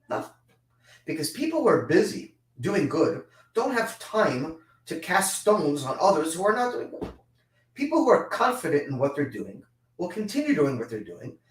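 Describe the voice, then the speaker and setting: A man's voice: a little high, roomy sound, distant mic, rough recording. A man giving an impassioned religious lesson, emphatic and repetitive.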